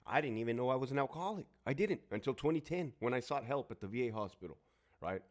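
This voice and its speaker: A man's voice: medium pitch, expressive, fast talker. A man in his forties, a former prison guard and veteran, telling his story in a blunt, heavily profane, emphatic way. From Southern California. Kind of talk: casual storytelling monologue.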